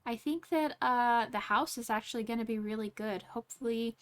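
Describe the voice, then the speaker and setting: A woman's voice: fairly high pitch, brisk. A woman giving casual let's play commentary, chatting and reacting aloud with frequent laughs and exclamations. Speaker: gaming channel host.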